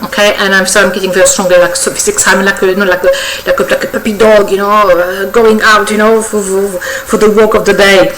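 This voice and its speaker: A woman's voice: medium pitch, flat delivery, quick pace, few pauses, background noise. A woman giving a weekly tarot reading to her viewers, effusive and coaxing, often checking in with "okay?" and repeating herself. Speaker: tarot reader. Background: faint birdsong.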